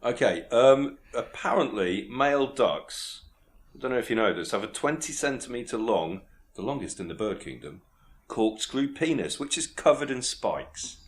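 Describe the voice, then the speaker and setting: A man's voice: mid-range voice, animated, moderate pace. A man, co-hosting a comedy podcast, delivering facts in a dry, matter-of-fact way. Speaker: co-host.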